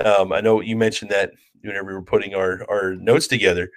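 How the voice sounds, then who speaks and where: An easygoing man with a somewhat low voice tells stories on a podcast in a loose, rambling way. His delivery is casual and unhurried. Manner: relaxed, chatty, laughs while telling stories. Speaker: podcast co-host. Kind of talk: casual storytelling chat.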